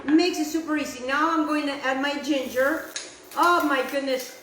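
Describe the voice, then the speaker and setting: A chatty woman walks her viewers through a recipe with real enthusiasm and slips Italian phrases in as she goes. Her voice sits high, and it carries a roomy echo over faint background noise. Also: steady tone, normal speed. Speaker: cooking show host. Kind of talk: casual cooking demonstration. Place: outdoor kitchen, windy.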